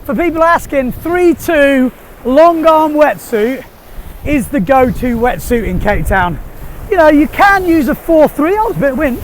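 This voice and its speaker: A man giving casual, excitable running commentary while windsurfing outdoors on the sea, laughing often. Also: very high voice, a little slow. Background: wind noise.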